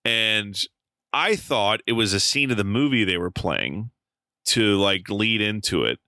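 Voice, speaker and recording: A man co-hosting a podcast, telling an animated story in casual chat, swearing freely and using lots of fillers. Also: on the low side, a little slow, clear, resonant tone, dry recording. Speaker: podcast co-host.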